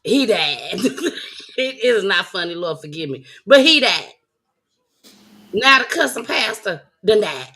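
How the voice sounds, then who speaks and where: A woman's voice: medium pitch, big pitch swings, unhurried, pauses often, sharp tone. A woman hosting a casual chat show, talking loosely and laughing as she speaks straight to her viewers. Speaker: host.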